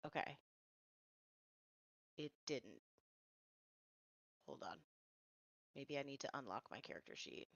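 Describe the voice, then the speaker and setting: A woman's voice: a bass voice, expressive, takes it slowly, pauses often, fairly bright tone, dry recording. A woman player in a tabletop game chatting casually, easily flustered and laughing a lot, recorded on a dull lo-fi mic.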